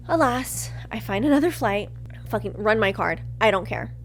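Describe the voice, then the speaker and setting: A woman podcast host telling a candid personal story, swearing freely and swinging from quiet murmurs to loud outbursts as she acts out her own reactions. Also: mid-range voice, lively intonation, moderate pace, slight background noise.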